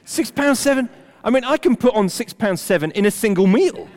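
Older guy preaching, emphatic then hushed, slightly high voice. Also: fairly quick. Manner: animated, emphatic preaching with dramatic drops to near-whisper. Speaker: pastor. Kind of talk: sermon. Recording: long hall reverb.

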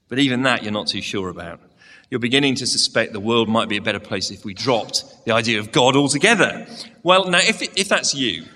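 A preacher addresses his congregation in a large church hall, telling a story and putting direct questions to the listeners. His voice is a little high, bright, and forceful, and the recording carries a long hall reverb.

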